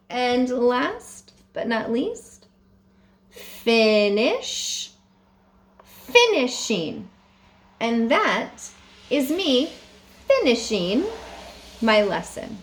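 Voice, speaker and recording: A woman teaching young students a phonics lesson, dictating words slowly and carefully with deliberate pauses. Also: a little high.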